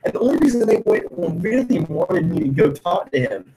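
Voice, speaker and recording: A man's voice: sits high, sing-song, moderate pace, crowd noise, poor audio. A man, a player in the game, chatting casually and agreeing in short bursts. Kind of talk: casual podcast chat.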